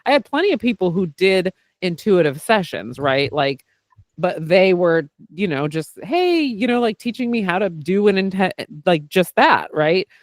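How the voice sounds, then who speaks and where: A man who hosts a podcast and works as a therapist, talking in a casual chat. He is candid and animated, swears freely and keeps saying "like" and "right?". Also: sits high, a little slow, no room sound, clean studio sound. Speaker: podcast host and therapist doing intuitive work.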